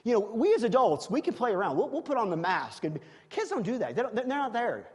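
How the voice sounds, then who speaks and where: A male pastor preaches with a high, husky voice, punching out loud exclamations and then dropping into hushed asides. His voice rings out with a long reverb, as if it fills a large church hall. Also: big pitch swings, fairly quick. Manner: emphatic, swings from loud exclamations to quiet asides. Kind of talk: sermon. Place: church sanctuary.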